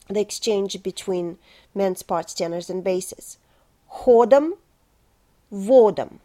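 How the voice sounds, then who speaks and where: A woman leads singers through pronunciation practice, speaking at an unhurried pace. She breaks each word into careful syllables and repeats phrases in rhythm. Her voice has a warm, mellow tone. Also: mid-range voice. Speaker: choir pronunciation coach. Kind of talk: slow pronunciation lesson.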